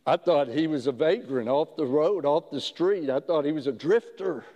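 A man preaching a sermon as a pastor, telling a story slowly with frequent halting restarts. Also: a little high, warm tone, dull audio. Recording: long hall reverb.

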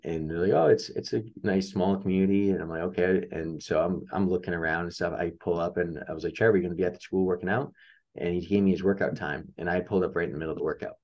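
Very low-voiced man telling a story. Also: fast. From upstate New York. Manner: animated storyteller acting out quoted dialogue. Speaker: guest, track coach. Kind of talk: casual storytelling interview.

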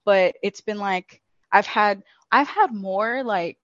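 A woman's voice: medium pitch, slow pace, no room sound. A woman speaking earnestly in a loose, rambling way, circling back and repeating phrases as she goes. Her voice comes through dull and lo-fi, with a dry, close sound and no room around it. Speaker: coaching client. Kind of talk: casual podcast conversation. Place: office at work.

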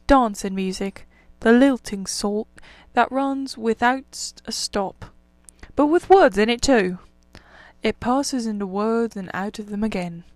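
A woman reading the part of a dreamy, gentle male water rat in a storybook, speaking softly and in a murmur. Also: on the high side, measured pace, no room sound, natural voice. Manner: soft, murmuring, drowsy.

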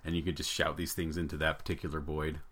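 Man, thirties, podcast co-host, animated storyteller, bright tone. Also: rumbling low, fast, husky. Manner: animated storyteller, acts out dialogue, laughs often. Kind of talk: casual chat.

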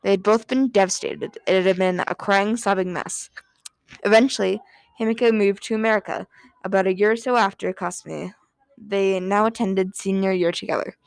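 Gravelly-voiced woman reading a story softly. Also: medium pitch, no room sound. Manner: soft, even reading with some breathy, whispered phrases and occasional fillers. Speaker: narrator.

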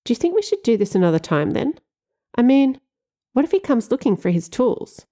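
A woman's voice: on the high side, big pitch swings, brisk, warm tone, pitched above the performer's own voice. A woman reading an audiobook, voicing an earnest young man who speaks hesitantly and sounds concerned. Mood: worried.

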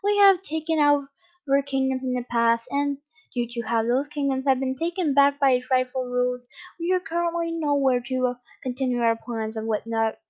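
This is a smug male henchman who draws out his taunts with mock politeness, as a woman reading the story puts him on. His voice sits a bit high and the recording has a slightly muffled, lo-fi sound. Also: lightly acted. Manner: mocking, drawn-out taunting.

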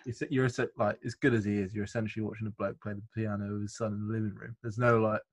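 A man's voice: lowish voice, flat delivery, quick pace. A man, co-hosting a podcast in casual chat, telling rambling, sweary stories. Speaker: podcast co-host.

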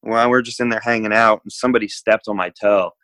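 A man from the United States tells a long travel story in a loose, rambling way, with lots of filler words. His voice sits a bit low. The sound is dry and close, with no room echo. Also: steady tone, fast talker, fairly bright tone. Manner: rambling, laid-back, lots of "like". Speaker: guest. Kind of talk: casual storytelling.

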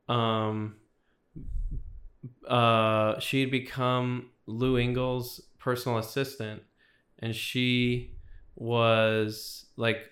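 Young man, monotone, casual storytelling, rambling, lots of "like". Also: mid-range voice. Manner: rambling, fills with 'like' constantly. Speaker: podcast guest.

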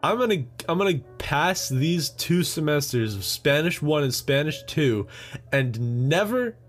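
A young man with an American accent hosts a solo podcast, talking at an unhurried, drawn-out pace. He rambles and jokes with plenty of fillers and little laughs. Faint music sits underneath. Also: on the high side, lively intonation. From United States. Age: young adult. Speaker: podcast host. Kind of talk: solo casual chat.

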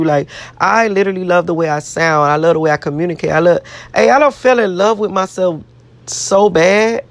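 A woman's voice: fairly low pitch, normal speed, dry recording. A woman vlogger rambling in a brash, profane, boastful way, repeating herself as she talks to her viewers. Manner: boastful, self-adoring. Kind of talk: casual self-talk to camera.

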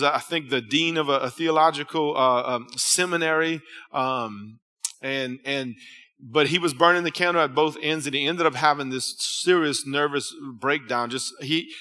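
A man's voice: fairly high pitch, sharp tone. A man pastor preaching a sermon in a church, talking conversationally and telling stories. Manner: conversational preaching, storytelling with restarts. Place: church hall. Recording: hall reverb.

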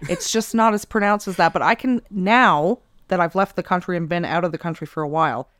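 A young Canadian woman co-hosting a podcast, trading dry, deadpan wisecracks in casual chat. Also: fairly low pitch, brisk, dry recording. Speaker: podcast co-host.

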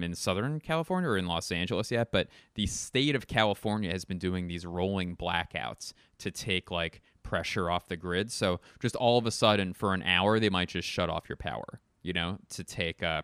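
Young dude podcast host, low voice, rambly and snarky, swears a lot, dead dry sound. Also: male voice, normal speed, few pauses, a bit bright, smooth, no echo. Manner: rambling, sardonic, swears casually. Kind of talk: casual comedic monologue.

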